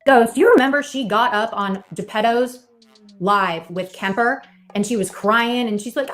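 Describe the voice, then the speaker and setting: A woman's voice: fairly high pitch, normal speed, a bit bright. Furious, swearing woman on a livestream. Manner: profane, furious insults. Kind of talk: heated livestream rant.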